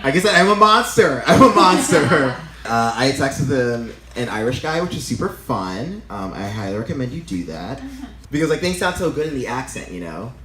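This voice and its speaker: A man's voice: medium pitch, very animated, moderate pace, fairly bright tone. A man doing a brash stand-up comedy set in a small venue, laughing through his own jokes. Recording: echoey room, noisy crowd.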